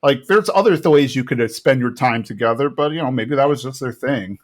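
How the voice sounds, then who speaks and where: A man's voice: mid-range voice, a little fast. A man co-hosting a podcast, casually retelling a cartoon episode in a rambling way and quoting the characters' lines. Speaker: podcast co-host. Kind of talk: casual recap chat.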